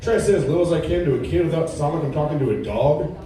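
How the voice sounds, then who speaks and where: A man in his thirties doing a stand-up comedy set with a laid-back, deadpan delivery at a comedy club. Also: on the high side, rapid-fire, very echoey, distant mic, crowd noise, rough recording. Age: 30s. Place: comedy club with a live audience.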